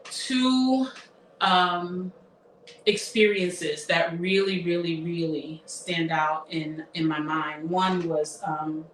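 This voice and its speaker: A woman in her fifties shares a personal story in an emotional, reflective voice, often halting and restarting. Her tone is bright and forward. She sounds a little far from the mic in an echoey room, with a faint hiss behind her. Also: on the low side, fairly even intonation. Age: 50s. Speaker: therapist. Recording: roomy echo, somewhat far from mic, faint noise.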